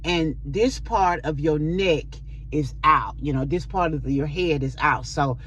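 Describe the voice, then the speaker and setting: A middle-aged woman recounting her own experience for her vlog audience. She talks in a lively, dramatic way, with plenty of exclamations as the story builds. There is a faint hum of room ambience behind her. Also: low-pitched, measured pace. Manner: animated retelling with dramatic exclamations. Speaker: vlogger.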